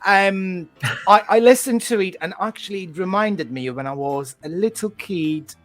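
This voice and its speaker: A middle-aged man interviewing a singer, effusive and warm, full of stammering restarts. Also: high voice, normal speed, soft background music. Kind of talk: friendly interview chat.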